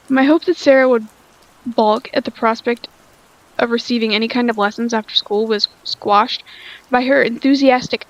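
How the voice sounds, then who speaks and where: A woman's voice: fairly high pitch, steady tone, moderate pace, no room sound, dull audio. Tired woman reading a story aloud. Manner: tired, stumbles and rereads lines. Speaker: story reader.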